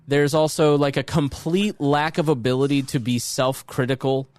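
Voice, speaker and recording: A man co-hosting a podcast in casual chat, rambling and animated, swearing freely. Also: mid-range voice, moderate pace, dry recording. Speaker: podcast co-host.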